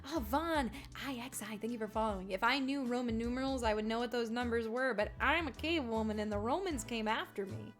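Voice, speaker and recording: Casting: playful woman streamer, slightly high voice, rambling commentary, soft music under. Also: brisk, hardly any pauses. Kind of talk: casual game commentary.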